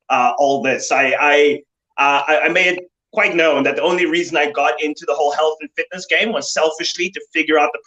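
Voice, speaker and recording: A man's voice: on the high side, bright, forceful tone, low-quality recording. A man, a fitness coach, talking about his coaching approach with confident emphasis and frequent restarts. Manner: confident, emphatic, repeats words when starting. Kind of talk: panel talk.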